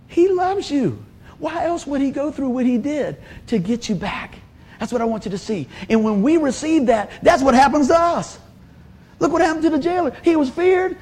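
A husky, very high-pitched male voice belongs to a preacher in his fifties. Animated and laughing, he tells stories through his sermon and plays out the voices he quotes.

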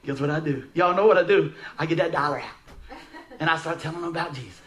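A man preaching a sermon, telling a story in a folksy, animated way with frequent asides to his listeners. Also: on the high side, fast talker.

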